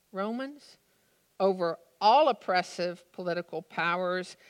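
A woman preaching a sermon, reading a story and then reflecting on it in an earnest, thoughtful way. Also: mid-range voice. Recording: long reverb of a large room.

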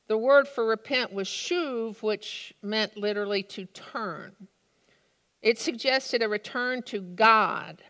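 A woman pastor delivering a sermon in a measured storytelling way, with dry humor. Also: medium pitch, a bit bright, in a large hall.

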